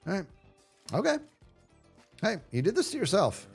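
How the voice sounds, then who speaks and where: A man streaming a video game live, chatting casually with viewers and yelling playfully at the enemies on screen. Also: high voice, huge pitch swings, moderate pace, vocal fry, long pauses, breathy edge, faint music behind. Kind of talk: casual live gameplay commentary.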